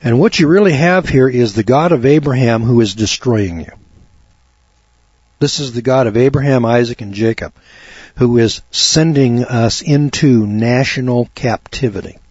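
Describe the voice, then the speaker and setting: Fervent male preacher, husky, on a dull dry lo-fi tape. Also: moderate pace, no echo. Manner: fervent, emphatic, repeats words, rising to a high excited pitch. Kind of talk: sermon.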